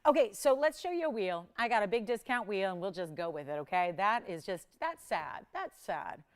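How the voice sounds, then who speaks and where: Here a woman runs a live jewelry auction broadcast, talking easily with the audience and crew and frequently breaking into laughter. Her tone is clean, her pace normal, and her voice rises and falls energetically in pitch and loudness.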